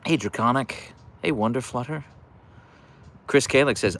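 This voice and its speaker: This livestream host, a dog owner, talks at normal speed in a lowish, fairly bright voice. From his home couch he keeps things casual and chatty, reading out viewer comments and joking along with them.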